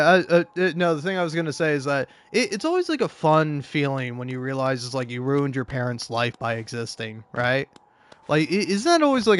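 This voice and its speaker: Fairly high-pitched, bright, clear and resonant, this male commentary host rants his way through reactions to online comics, swearing often and stumbling into stammered restarts.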